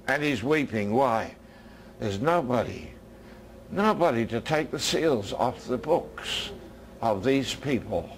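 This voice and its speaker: An American man preaching a sermon as a minister, his voice dropping low and soft and then rising again. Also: slight background noise.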